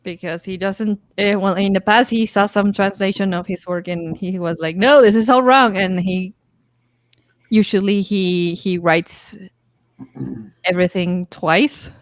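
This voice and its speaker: Slow-speaking woman. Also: fairly low pitch, little pitch movement, no room sound. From Latin America. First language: Spanish. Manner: halting, searches for words with many fillers. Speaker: guest on a film discussion stream. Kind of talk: casual discussion.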